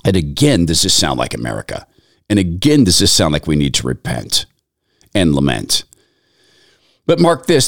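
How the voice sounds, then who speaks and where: A man's voice: rumbling low, huge pitch swings, normal speed, vocal fry, long pauses, no echo, studio quality. A man giving sermon-like commentary in an earnest tone, reciting scripture in long lists. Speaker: Christian commentator.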